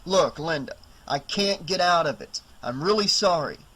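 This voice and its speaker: A man's voice: on the high side, lively intonation, normal speed, sharp tone, husky, exaggerated voice, poor audio. A man reading an audiobook, voicing a tired, kindly middle-aged male doctor who talks plainly and reluctantly. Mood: weary.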